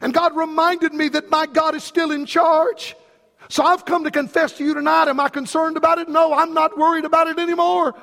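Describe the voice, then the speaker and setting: A man's voice: very high-pitched, level tone, fairly quick, creaky, a bit bright. A man preaching a sermon with an impassioned, repetitive cadence. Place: church sanctuary. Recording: long reverb from a large hall.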